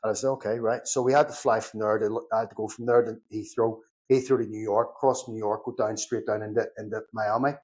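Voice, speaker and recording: A man's voice: on the low side, brisk, few pauses. A middle-aged man with a Belfast accent tells his stories in loose, casual podcast chat. He acts out both voices in each exchange he recalls and swears without much thought. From Northern Ireland. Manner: animated anecdotes, acts out both sides of conversations, swears casually. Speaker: podcast guest, security consultant.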